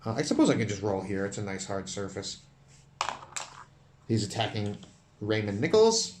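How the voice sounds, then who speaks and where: A man running and narrating a solo tabletop game, counting dice rolls out loud in an animated way. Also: fairly low pitch, moderate pace, reverberant, background noise. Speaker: solo game master and player.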